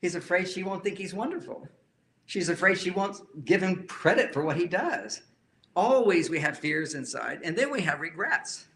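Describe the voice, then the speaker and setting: A man's voice: high voice, animated, normal speed, bright, forceful tone, a little hiss or hum. A man speaking as a relationship counselor, giving an emphatic talk to a live audience and often repeating key phrases.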